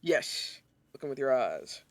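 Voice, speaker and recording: A woman's voice: a bass voice, sing-song, unhurried, dry recording. A woman narrating as game master in a tabletop game, chatty and full of fillers.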